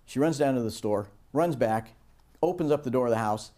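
A middle-aged man giving a recorded lesson on project teamwork, telling stories and acting out the quoted voices at a higher pitch. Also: fairly quick, mellow. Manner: storytelling, acts out quoted voices with raised pitch. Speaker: instructor.

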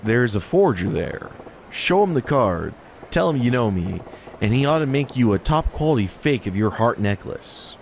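A man voicing a laid-back middle-aged gangster who talks in a low, dry drawl. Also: sing-song, moderate pace, gravelly, slight background noise.

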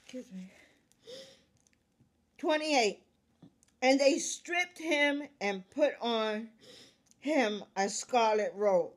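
A woman reads scripture aloud verse by verse, announcing each verse number and restating the passage in plain words, pausing whenever she coughs. It's Bible reading with commentary, and her pitch is fairly high.

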